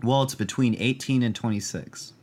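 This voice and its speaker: A man's voice: medium pitch, moderate pace, a little mellow, slight background noise. A man hosting a casual podcast, quizzing his co-host with dry, teasing jokes.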